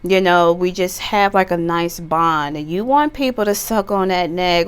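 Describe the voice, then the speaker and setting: A woman's voice: lowish voice, measured pace, few pauses, slight background noise. A woman giving a casual pick-a-card tarot reading, chatty and playful, with bawdy jokes and bursts of laughter. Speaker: tarot reader.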